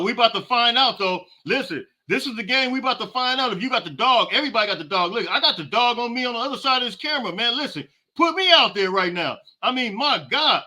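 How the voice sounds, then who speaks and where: Fired-up man with a bright, high voice. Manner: exasperated, fired-up ranting with casual slang. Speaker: podcast host. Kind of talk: live halftime reaction with viewer comments.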